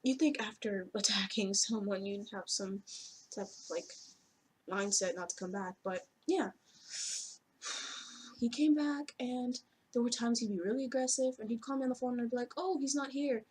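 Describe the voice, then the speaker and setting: A woman's voice: a little high, normal speed, husky. A woman telling a personal story to camera in a casual, rambling way, full of "like" fillers and offhand swearing.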